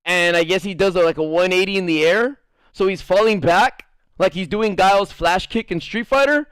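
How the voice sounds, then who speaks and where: A man's voice: high voice, normal speed, a bit bright, clear, resonant tone, no echo, clean studio sound. A man streaming, telling a rambling story to his chat, packed with filler words and casual swearing. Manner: rambling, filler-heavy, crude and profane.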